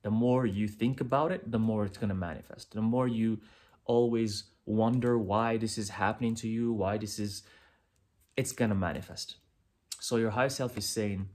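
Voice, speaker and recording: A man's voice: fairly low pitch, steady tone, normal speed, darkish tone. A man giving a pick-a-pile tarot reading, speaking earnestly and directly to the listener, often repeating himself. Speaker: tarot reader.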